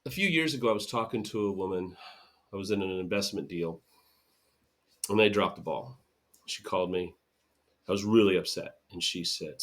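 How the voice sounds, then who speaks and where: A man's voice: low-pitched, moderate pace, long pauses, fairly bright tone. A man hosting a solo podcast about healing relationships, talking earnestly and animatedly, often acting out quoted speech. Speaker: podcast host.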